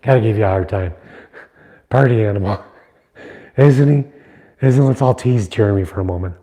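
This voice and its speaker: Relaxed rambling middle-aged man. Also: lowish voice, fast talker. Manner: rambling, teasing, chatty. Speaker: livestream host, knife maker. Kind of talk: casual live chat with viewers.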